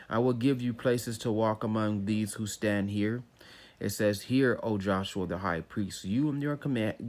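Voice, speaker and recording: A man teaching scripture in a loose, conversational way, reading verses and then explaining them in everyday slang, often saying "you know what I'm saying.". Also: on the low side.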